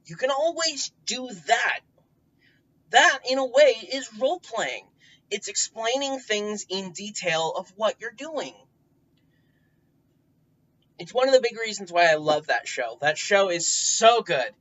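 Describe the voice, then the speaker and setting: Someone who plays tabletop games rambles through tips in a loose monologue, in a medium-pitched, animated, fairly bright voice at a measured pace. They restart mid-thought, lean on fillers, and swear now and then. The voice sits back from the mic, and the recording is dull, muffled, and a bit lo-fi.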